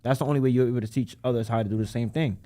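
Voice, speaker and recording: A fast, punchy man telling his story as a podcast guest, animated and emphatic, with lots of slang. His voice sits in a middle pitch, and the sound is close and dead dry with no room in it. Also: no room sound. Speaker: credit repair business owner, guest. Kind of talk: casual podcast conversation.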